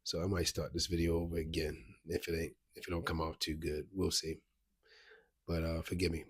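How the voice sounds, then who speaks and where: Man, low husky voice, monotone, rambling storytelling. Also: fairly quick. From Baltimore, USA. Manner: rambling, restarts, frequent "you know what I mean". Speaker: vlogger. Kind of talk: casual storytelling to camera.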